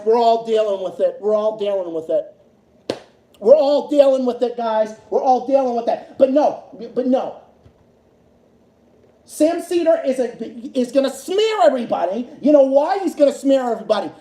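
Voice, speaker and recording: A high-voiced man tears into his targets on a solo livestream, swearing constantly and circling back to the same lines. His tone is mellow and soft-edged, and the room around him is echoey. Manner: angry, profane, repeats himself. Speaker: livestream host. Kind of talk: solo political rant stream.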